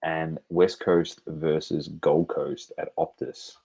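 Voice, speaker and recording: Very deep, husky man. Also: little pitch movement, slow, warm tone, low-quality recording. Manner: teasing, laid-back banter. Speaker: sports podcast host. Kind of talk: casual sports chat.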